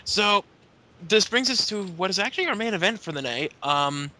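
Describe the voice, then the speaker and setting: Bright-voiced guy recapping wrestling. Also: high-pitched, animated, moderate pace. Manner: hesitant, many ums, jokey impressions. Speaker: podcast co-host. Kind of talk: casual wrestling recap chat.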